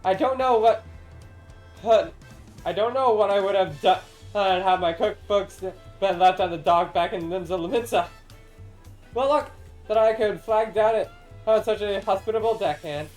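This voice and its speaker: A woman's voice: medium pitch, moderate pace, darkish tone, soft background music, lightly acted. A woman voicing a cheerful taco-stand cook in a game, reading friendly, chatty lines aloud. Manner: chatty, friendly, laughs at her own slips.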